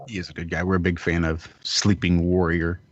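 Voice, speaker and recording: A very deep-voiced man hosts a live stream and welcomes his guest in an upbeat way. The sound is dry and dull, with a lo-fi edge. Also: level tone, fairly quick, no echo. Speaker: host.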